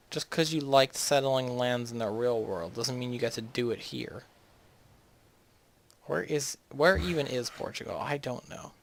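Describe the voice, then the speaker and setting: A man's voice: mid-range voice, normal speed, gravelly, a little hiss or hum. A man casually commenting on a strategy game he plays, rambling and joking, often restarting his sentences. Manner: rambling, jokey, trails off mid-sentence. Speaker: gaming video host.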